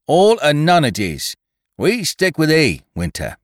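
A man voicing a hot-tempered male pirate crewman who shouts his defiance. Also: on the high side, huge pitch swings, moderate pace, no echo, clean studio sound, pitched above the performer's own voice. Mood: angry defiant. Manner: crying out angrily.

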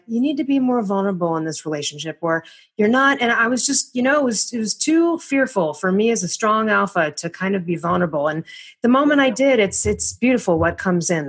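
A woman's voice: mid-range voice, slightly rough. A woman hosting a podcast interview, talking in a reflective, searching way and often restarting her thoughts. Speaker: podcast host.

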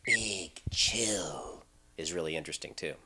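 A man's voice: deep voice, a little slow, bright, forceful tone, slight background noise. A middle-aged man, a voice actor, chatting in an interview in a playful, joking way. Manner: playful, joking, breaks into laughs. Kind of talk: casual interview chat.

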